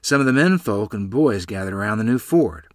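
A man's voice: on the low side, expressive, a little fast, no room sound, clean studio sound. A man reading a rural family memoir aloud as storyteller, voicing the people in it.

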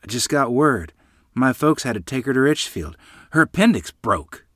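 A man voicing a worried rural mother in a read-aloud family story, pitching his voice up to play her. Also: big pitch swings, moderate pace, fairly bright tone, no echo, studio quality. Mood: anxious. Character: worried rural mother, middle-aged woman.

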